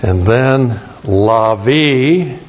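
Slow-talking man teaching Hebrew words. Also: mid-range voice, expressive, slight background noise. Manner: slow, spells out words letter by letter. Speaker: Bible teacher. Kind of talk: verse-by-verse Hebrew word study. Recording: dull lo-fi recording.

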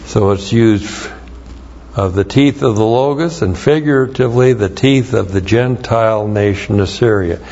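A man's voice: on the low side, normal speed, darkish tone. A man teaching a Bible lesson, explaining Hebrew words and spelling them out letter by letter. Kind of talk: verse-by-verse Hebrew word study. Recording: dull lo-fi recording.

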